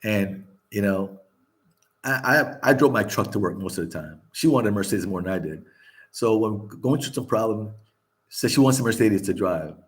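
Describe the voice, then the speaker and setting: A man's voice: lowish voice, lively intonation, normal speed. An older man hosting a casual chat, talking candidly, laughing often, swearing and repeating himself. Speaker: vlog host.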